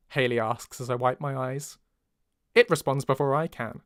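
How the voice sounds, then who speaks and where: An English man, the author, narrating his own audiobook in an expressive way with joking asides. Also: medium pitch, moderate pace, no echo, studio quality. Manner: lively, expressive, jokes between takes. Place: home recording booth.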